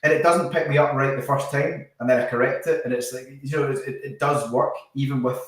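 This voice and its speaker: A man's voice: medium pitch, steady tone, brisk. Chatty man in an echoey room. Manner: chatty, laughs easily, trips over words. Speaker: podcast guest, business founder. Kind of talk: casual podcast chat. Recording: echoey room, far from the mic.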